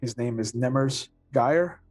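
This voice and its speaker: A man's voice: medium pitch, a little slow, darkish tone, soft background music, close to an everyday voice, poor audio. A man playing a formal female guard captain.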